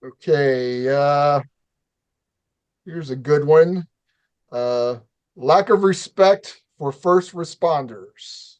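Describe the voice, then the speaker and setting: A man hosting a casual talk show, telling a story in an animated, profane way and acting out the quotes. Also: on the high side, drawn-out words, long pauses. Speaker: show host.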